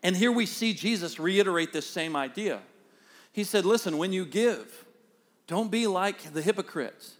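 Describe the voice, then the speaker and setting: A man with a high voice preaches a sermon, earnest and conversational. He talks straight to his listeners and tells stories along the way. His delivery is that of a pastor addressing a congregation. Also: animated, normal speed. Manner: storytelling, acts out a child's voice and quoted speech.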